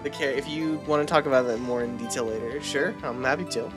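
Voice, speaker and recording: A woman's voice: rumbling low, fast, music in the background. A woman streaming a game who chats casually with her viewers, rambling and swearing offhandedly. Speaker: VTuber streamer.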